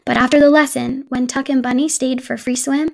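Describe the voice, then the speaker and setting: A woman reading a children's picture book aloud in a gentle, even storytelling manner. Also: high-pitched, brisk, vocal fry.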